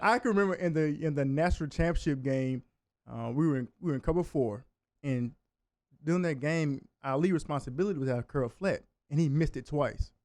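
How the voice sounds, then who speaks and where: A man's voice: a little high, darkish tone, no echo. A man, a former college linebacker, telling stories as a guest on a sports talk show in the studio. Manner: fast storytelling, laughs while telling stories. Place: radio studio.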